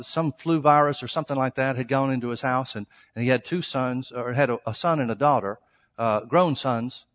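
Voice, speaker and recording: Guy pastor preaching, kinda higher voice, big echoey church hall sound. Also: a bit bright. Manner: preachy, emphatic storytelling with quoted dialogue. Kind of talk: sermon. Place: church sanctuary. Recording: long hall reverb.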